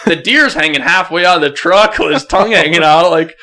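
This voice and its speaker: A young man, a podcast guest, telling a hunting story in a casual, animated way, often laughing and clearing his throat. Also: on the high side, brisk, few pauses.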